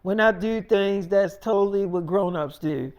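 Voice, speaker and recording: A man's voice: high voice, normal speed, darkish tone, clean tone. A man voicing a defensive nineteen-year-old daughter who argues back in an exasperated tone.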